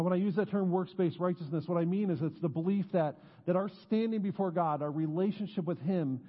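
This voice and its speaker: A man preaching a sermon as pastor, earnest, dropping low and slow on key words. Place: church sanctuary. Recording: muffled sound with long church reverb.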